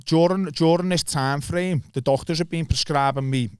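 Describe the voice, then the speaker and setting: A man's voice: on the high side, normal speed, clean tone, no room sound, clean studio sound. A man in his thirties from Liverpool with a Liverpool accent, a podcast guest telling his story casually, slangy and swearing freely. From Liverpool, England.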